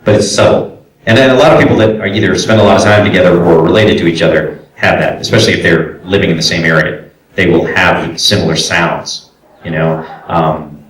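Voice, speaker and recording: A man's voice: low voice, fairly even intonation, brisk, a bit bright. A man from Brooklyn teaching voice acting at a convention panel, chatty and explanatory, with lots of fillers. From Brooklyn, New York. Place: large echoey convention room. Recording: echoey room, voice from far off.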